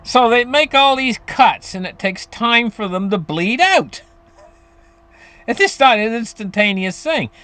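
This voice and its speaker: A man's voice: high-pitched, fairly bright tone, dry recording. A man talking casually to his viewers about finances, rambling, restarting sentences and chuckling as he goes. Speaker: finance commentator.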